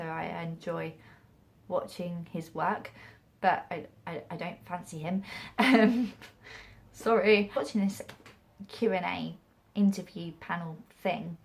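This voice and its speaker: Young Englishwoman, mixed regional accent, lower voice, rambling self-deprecating vlogger. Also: vocal fry. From England. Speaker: acting vlogger. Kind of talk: casual talk to camera.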